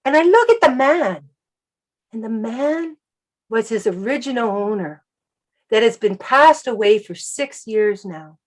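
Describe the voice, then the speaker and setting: A woman who works as an animal communicator, sharing a personal story softly and reflectively in an interview. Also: fairly high pitch, animated, measured pace, poor audio.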